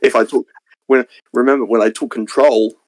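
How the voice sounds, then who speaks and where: A man's voice: medium pitch, fairly even intonation, fairly quick, darkish tone, no room sound, rough recording. A man bantering on a stream, blunt and crude as he trash-talks his friend.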